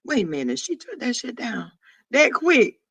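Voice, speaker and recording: A man, chatting casually on a live stream, sassy and profane, throwing quick asides to his viewers. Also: very high-pitched, very animated, vocal fry, a bit bright, husky, dry recording. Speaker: vlogger greeting live chat.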